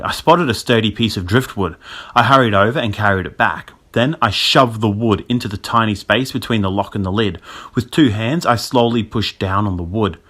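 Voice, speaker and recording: A man narrates a spooky children's tale in a lively storytelling manner. His voice sits fairly low, with a bright, forceful tone. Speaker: audiobook reader. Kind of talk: scripted narration.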